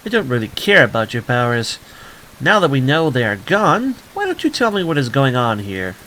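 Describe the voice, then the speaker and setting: Male game hero, a player reading aloud, flat delivery, bright tone. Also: mid-range voice, moderate pace, a little hiss or hum, poor audio. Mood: stern. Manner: read in a flat, tired voice.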